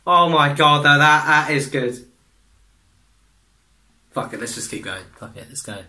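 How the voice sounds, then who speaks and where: A man's voice: on the high side, expressive, measured pace, roomy sound, noisy background. A man hosting a reaction video, swearing heavily and exclaiming between bursts of laughter, in a room indoors. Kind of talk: casual reaction commentary.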